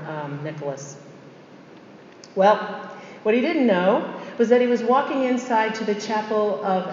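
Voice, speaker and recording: A middle-aged religious sister with a medium-pitched, slightly mellow voice tells stories emphatically in a faith talk, adding conversational asides and repeating key phrases. The recording is from an echoey hall, sounding dull and muffled with a little hiss or hum.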